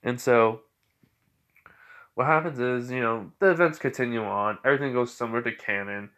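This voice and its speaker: A man's voice: mid-range voice, moderate pace, fairly bright tone. A man casually narrating a fan story, rambling with lots of fillers and corrections.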